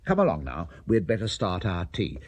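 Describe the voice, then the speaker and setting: A man's voice: low-pitched, wildly swooping pitch, normal speed, a little mellow, pitched below the performer's own voice, heavily acted. A man voicing a flustered, overworked cuckoo who lives in a clock, talking in a fussy, anxious hurry.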